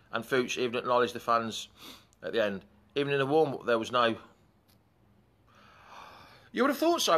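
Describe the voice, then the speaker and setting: Lively man hosting a fan chat. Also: mid-range voice. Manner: chatty, rambling, breaks off to greet commenters. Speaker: fan show host. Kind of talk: live fan chat, reading viewer comments.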